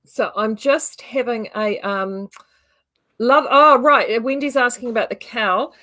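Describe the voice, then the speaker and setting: A woman's voice: fairly high pitch, measured pace, pushed and bright. A woman with a New Zealand accent hosting a casual livestream, chatty and rambling with many fillers. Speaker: yarn shop host.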